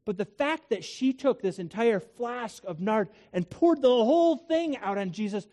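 Mellow-voiced man preaching. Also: high-pitched, expressive, normal speed, hardly any pauses. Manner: conversational preaching with rhetorical questions and asides. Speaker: pastor. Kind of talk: sermon.

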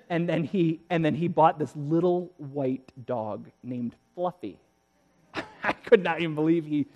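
A man preaching a sermon as pastor, telling a story with laughter and moving from hushed, slow lines to loud, lively ones. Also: a little high.

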